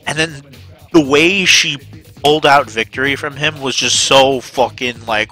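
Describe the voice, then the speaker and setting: Excitable man chatting while streaming a game. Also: normal speed, soft background music. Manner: excitable, swearing, bursts into high-pitched shouts when reenacting reactions. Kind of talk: casual chat while gaming.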